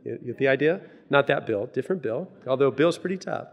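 A man preaching a sermon in a conversational, animated way, often restarting his sentences as he tells a personal story. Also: medium pitch, quick pace. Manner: conversational and animated, many restarts and filler words. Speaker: pastor.

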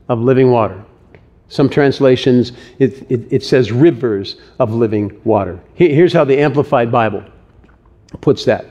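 Man, pastor, sermon, slightly high voice, earnest, conversational, joking asides, church. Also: warm tone.

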